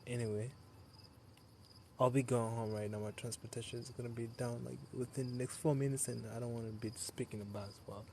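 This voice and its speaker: A young man talks casually to his stream late at night, tired and easygoing, with quick laughs between thoughts. His voice sits at a middle pitch for a man. Faint crickets and night air hum behind him on a handheld phone mic. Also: fairly even intonation, a little mellow. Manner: tired, loose, laughs often, chatty with viewers. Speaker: live streamer.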